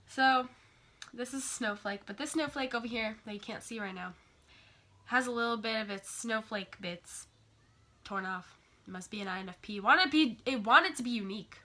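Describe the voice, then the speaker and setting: Female vlogger, scattered self-deprecating monologue, bright voice. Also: medium pitch. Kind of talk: rambling casual monologue.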